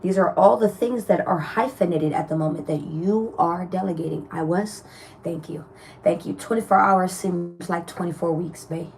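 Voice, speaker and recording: A woman with a mellow, warm voice gives a casual tarot reading to her viewers in a chatty, blunt way. She laughs often, swears freely and calls her listeners love. A faint hiss of room noise sits behind her. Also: on the low side, moderate pace, vocal fry. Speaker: tarot reader.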